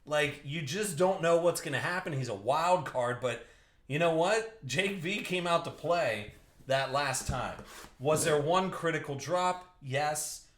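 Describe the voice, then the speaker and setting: A man's voice: a little high, a little slow, a bit bright, reverberant. A young man hosting a live card break, joking and riffing with viewers by name as he opens packs.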